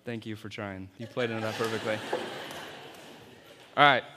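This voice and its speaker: A man's voice: lowish voice, fairly even intonation, normal speed, background noise. A man, apparently a youth pastor, giving an object-lesson sermon and playfully coaching volunteers on stage. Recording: long hall reverb.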